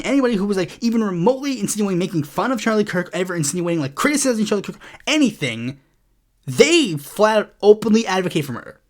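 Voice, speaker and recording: A woman hosting a political commentary show, ranting in a heated, profane way and rambling with many restarts. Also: medium pitch. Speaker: host.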